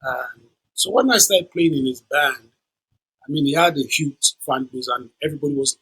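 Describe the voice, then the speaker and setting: A man's voice: a little high, normal speed, husky, rough recording. A man, telling stories as a guest in an interview and acting out the people he quotes. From Nigeria. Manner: animated storyteller who acts out the people he quotes. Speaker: guest musician. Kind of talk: storytelling interview.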